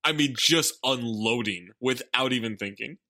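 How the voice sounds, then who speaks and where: A man with a bright, crisp voice runs through a film's plot in quick summary, dropping dry asides. The sound is close and dry, with no room around it. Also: mid-range voice, dry recording. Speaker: podcast co-host recapping a film. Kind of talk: casual chat, recapping plot.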